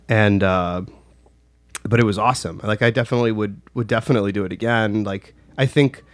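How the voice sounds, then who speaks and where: A man's voice: on the low side, no echo. Rambling casual man, dry close sound. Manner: rambling, full of "like" and restarts. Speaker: storyteller recounting a personal experience. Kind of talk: casual chat.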